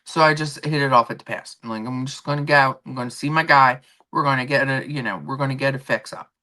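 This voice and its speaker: A woman's voice: very deep voice, fast, sharp tone. A middle-aged woman hosting a casual stream, chatting and telling a story with acted-out quotes. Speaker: stream host. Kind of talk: casual chat.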